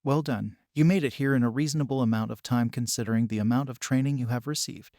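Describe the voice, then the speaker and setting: A man reading as a sleepy monotone teacher. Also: mid-range voice, quick pace, dry recording, studio quality, natural voice. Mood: deadpan. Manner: monotone, matter-of-fact. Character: tired monotone male teacher, deadpan.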